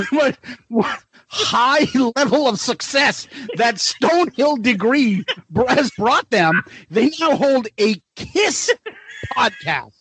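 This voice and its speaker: A man's voice: very high-pitched, animated, slow pace, a bit bright, slightly rough. A man in his forties, co-hosting a podcast in casual chat, profane and laughing as he tells stories. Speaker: podcast co-host.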